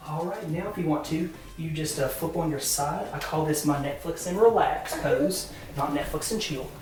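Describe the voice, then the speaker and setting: A woman's voice: low-pitched, normal speed, darkish tone. Chatty Southern woman directing a photo shoot. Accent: Southern American. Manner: upbeat, chatty coaching with many fillers. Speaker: boudoir photographer. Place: indoor photo studio, roomy. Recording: echoey room, mic far off, faint music.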